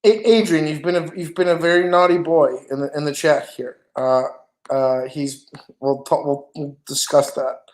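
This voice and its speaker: A man's voice: on the high side, fairly even intonation, moderate pace. A man with a slightly raised voice hosts a casual live stream. He talks in an easygoing way, often hesitating and restarting mid-sentence. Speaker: stream host.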